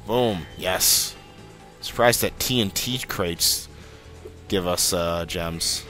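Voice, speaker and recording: A man's voice: low-pitched, slow, bright, forceful tone, faint music behind. A young man casually commenting while he plays a video game, chatty and muttering at the game. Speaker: let's play host.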